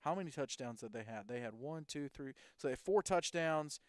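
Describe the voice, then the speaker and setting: A man's voice: mid-range voice, lively intonation, brisk, no room sound, studio quality. A man hosting a casual sports talk show, rambling through game recaps and reading off stats. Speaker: host.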